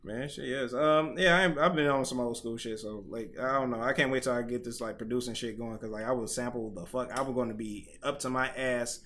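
A man's voice: medium pitch, steady tone, fairly quick, few pauses, fairly bright tone. A man co-hosting a casual podcast, telling loose stories and acting out what people said. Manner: loose, laughing storyteller who acts out quotes. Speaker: podcast co-host. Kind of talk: casual chat.

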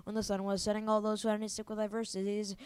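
Woman reading scripture aloud, quick and plain, smooth tone. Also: mid-range voice, completely flat delivery, a little mellow, dry recording.

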